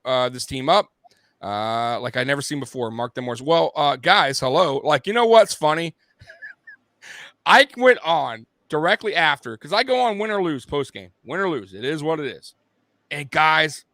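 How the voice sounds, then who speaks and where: A man's voice: fairly high pitch, bright, forceful tone, no echo. A man hosting a sports show, ranting bluntly and with heavy profanity, like a fired-up fan. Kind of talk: casual sports rant.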